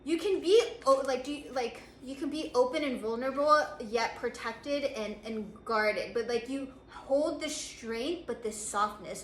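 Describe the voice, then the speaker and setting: A woman giving a channeled oracle card reading, bubbly and excitable, laughing often and acting out other people's reactions. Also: a little high, reverberant, a little hiss or hum. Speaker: tarot reader.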